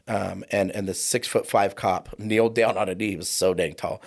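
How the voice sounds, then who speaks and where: A man's voice: deep voice, steady tone, normal speed, creaky. A man in his forties, a guest on an interview show, telling a personal story vividly and acting out the voices of people in it. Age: 40s. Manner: vivid storyteller who acts out quoted voices. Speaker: guest, trauma coach.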